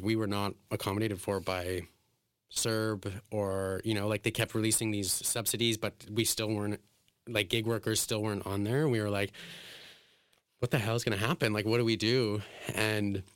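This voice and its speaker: A man's voice: on the low side, a bit bright, clear, resonant tone, dry recording, clean studio sound. A man, a drag performer, telling stories in a casual interview, chatty and emotional, full of filler words, laughing often and acting out what people said.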